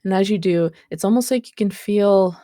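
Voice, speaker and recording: A woman's voice: mid-range voice, normal speed, warm tone, no room sound, clean studio sound. A woman narrating as game master in a tabletop game, hesitant and full of fillers.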